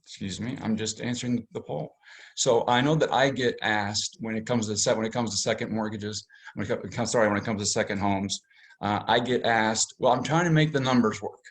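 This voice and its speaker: A man's voice: on the low side, steady tone, normal speed. A man, a mortgage lender, explaining financing to realtors in a webinar presentation, with frequent fillers and restarts.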